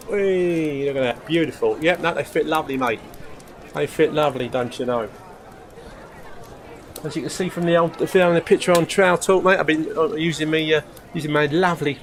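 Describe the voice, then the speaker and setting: A man's voice: a little high, fairly bright tone, slight background noise. A man hosting a live stream in a casual, rambling way, chatting with his viewers, calling them mate and often losing his thread. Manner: forgetful, loses his thread.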